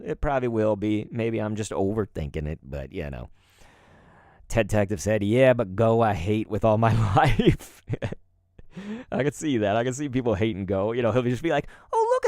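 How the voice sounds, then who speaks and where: A man's voice: medium pitch, darkish tone, dry recording, studio quality. Congested man rambling on stream. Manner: rambling, chatty, chuckling asides. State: congested and sore-throated from a cold. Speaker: streamer and voice actor. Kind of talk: casual live-stream chat.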